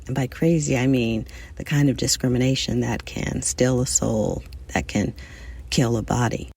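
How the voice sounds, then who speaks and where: A woman from the United States hosting a podcast, speaking in a thoughtful, measured solo monologue and addressing her listeners directly. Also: a bass voice, gravelly, a little mellow, slightly rough, no room sound. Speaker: podcast host.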